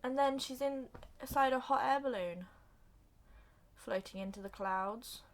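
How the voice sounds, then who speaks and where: A young woman recapping a film plot for comedy, acting out the characters' lines in an animated way. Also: high-pitched, unhurried. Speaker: video reviewer.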